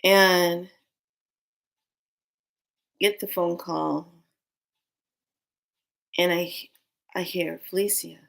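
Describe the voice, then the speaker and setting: A woman shares a heartfelt personal spiritual story, earnest and speaking straight to her listeners. Her voice sits slightly low, and she often draws listeners in with direct asides. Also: level tone, drawn-out words, gravelly, pauses often, a bit bright, rough recording.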